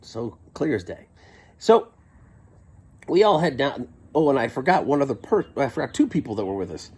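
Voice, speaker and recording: A man's voice: mid-range voice, very animated, normal speed, a little mellow, slightly rough. A middle-aged man casually telling a rambling first-person story, with wry asides and frequent self-corrections.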